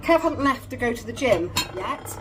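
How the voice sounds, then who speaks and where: A woman's voice: on the high side, lively intonation, moderate pace, noisy background. A woman chatting casually to camera in a car, upbeat and now and then turning to talk to her kids. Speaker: family vlogger. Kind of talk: casual vlog chat to camera. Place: inside a parked or moving car. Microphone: phone in a holder.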